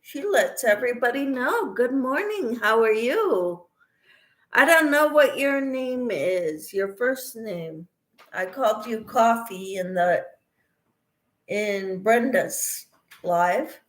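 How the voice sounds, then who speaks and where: A woman's voice: fairly high pitch, lively intonation, slow pace, a bit bright, reverberant. A woman hosting a casual crochet livestream, chatting with viewers by name while she cooks in her kitchen. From Kansas. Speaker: crochet channel host. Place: home kitchen.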